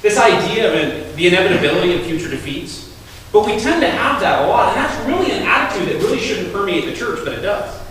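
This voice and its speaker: A man preaches in a relaxed, chatty way, often slipping into quoted voices to make a point. His voice sits high and swings widely in pitch. He is heard from across a reverberant hall with faint room noise. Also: fast. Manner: animated, conversational preaching with acted-out quotes. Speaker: pastor. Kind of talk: sermon. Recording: echoey hall, voice from far off.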